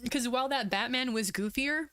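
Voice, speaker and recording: A woman's voice: a little high, normal speed, a crowd in the background. A woman streaming, chatting casually and retelling scenes with acted-out quotes and lots of fillers. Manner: animated retelling, acts out quoted lines, lots of "like". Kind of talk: casual chat.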